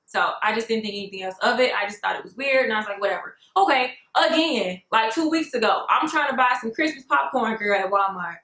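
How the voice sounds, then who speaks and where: A young woman with a high, bright voice tells a story to her vlog viewers. She is sassy and animated and keeps calling them "girl". The room around her adds a noticeable echo. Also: fairly quick, few pauses. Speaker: vlogger.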